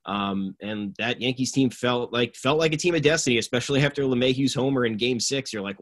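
A man co-hosting a casual sports podcast, talking in a rambling, animated way with plenty of fillers. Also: mid-range voice, brisk, hardly any pauses. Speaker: podcast co-host.

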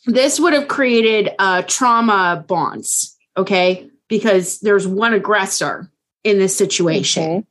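A woman's voice: mid-range voice, slow, a bit bright. Casual woman telling a true crime story. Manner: casual, keeps checking in with okay. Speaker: podcast co-host.

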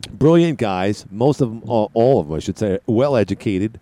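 Hosting call-in talk radio, a man speaks in a lowish, warm, animated voice at a moderate pace. He rambles and jokes, drifting into lots of tangents along the way.

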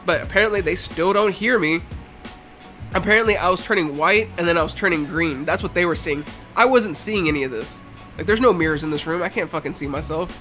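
A man's voice: high-pitched, fast talker. A young man in casual chat, telling a profane story and acting out what everyone said, with light music behind. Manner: animated, profane, acts out quotes.

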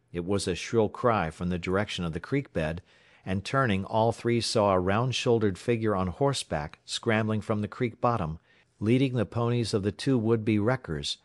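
A man narrating an adventure audiobook in a steady, measured reading style. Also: fairly low pitch, no room sound.

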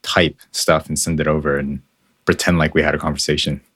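A man co-hosting a podcast, telling stories in a relaxed, self-deprecating way. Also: extremely low pitch, a little fast, slightly rough. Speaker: podcast co-host. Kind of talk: casual podcast chat.

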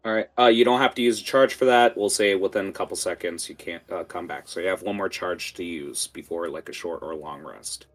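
Deep-voiced man running a tabletop game. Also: a little fast, hardly any pauses. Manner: hesitant, many fillers. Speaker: game master.

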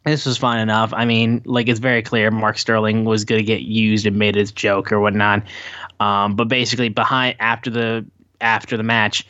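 A man co-hosting a wrestling podcast, chatting casually and rambling with lots of fillers, acting out quotes in higher voices. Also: level tone, normal speed, bright, forceful tone, clean tone, dry recording, muffled recording. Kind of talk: casual show recap chat. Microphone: his own mic acting up.

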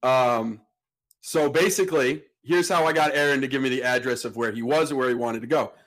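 A man's voice: medium pitch, a little fast. A man hosting a podcast, telling a story in a casual way and acting out the people in it. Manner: animated, acts out the people in his story. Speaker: podcast host.

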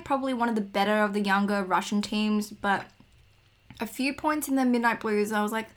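A woman's voice: a little high, lively intonation, brisk. A young woman co-hosting a podcast, chatting casually with opinionated asides. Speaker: podcast co-host. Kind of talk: casual chat, figure skating commentary.

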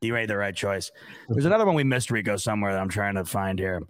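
A man co-hosting a casual sports chat, answering listener messages and swinging from loud outbursts to low grumbling. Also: animated, quick pace. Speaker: co-host.

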